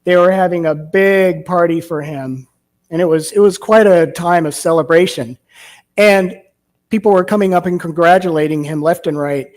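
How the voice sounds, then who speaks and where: A man delivers a Sunday message in a church sanctuary. His voice sits a bit on the high side. He speaks in a storytelling way and often turns to rhetorical questions. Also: normal speed. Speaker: minister. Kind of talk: sermon.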